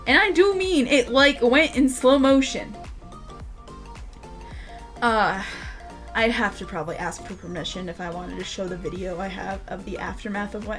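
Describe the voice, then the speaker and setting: A woman's voice: medium pitch, fairly bright tone. A young adult woman vlogger telling a rambling, laugh-filled story in casual talk, swearing freely.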